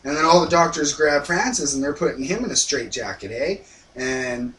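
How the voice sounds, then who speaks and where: A young man rambles through a film's plot in casual chat, full of fillers and little asides. His voice sits a touch high. It sounds distant and roomy, with faint hiss behind it. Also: animated, normal speed, fairly bright tone. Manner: rambling retelling, filler-heavy, acts out lines in a high voice. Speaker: movie review co-host. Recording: echoey room from far off, faint noise.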